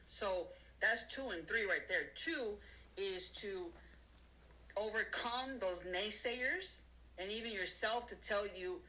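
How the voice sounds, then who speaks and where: A woman giving a casual motivational talk to her audience, counting off her points and acting out other people's voices in high squeals. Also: slow pace, bright, forceful tone, rough recording. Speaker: motivational speaker.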